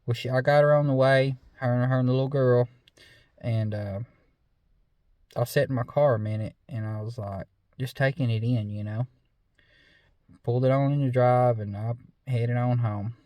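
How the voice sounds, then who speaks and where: A man's voice: mid-range voice, steady tone, normal speed, long pauses, darkish tone, no room sound. A middle-aged man, telling a true story in a casual, drawling way with many fillers and repeated "I said". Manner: easygoing, drawling, lots of fillers and 'I said'.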